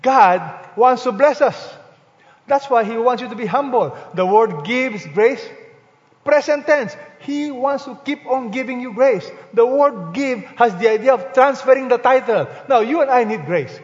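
Emphatic preacher in a reverberant hall. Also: male voice, extremely high pitch, expressive, a little slow. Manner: call-and-response preaching, asks the congregation questions; emphatic, swings between loud and soft. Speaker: pastor. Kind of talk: sermon. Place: church hall. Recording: dull, reverberant hall recording.

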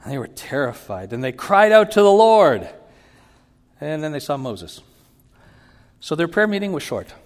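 A man giving a sermon as a pastor, teaching in an animated way and acting out Bible quotes with rising emphasis. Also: a little high, moderate pace, pauses often. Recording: long hall reverb.

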